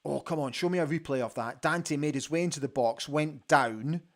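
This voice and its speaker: Excitable Scottish man calling a match live. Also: on the high side, normal speed. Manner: excitable, reacts loudly to play, chatty asides. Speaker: host of a live football watch-along. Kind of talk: live match commentary with viewer comments. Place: studio.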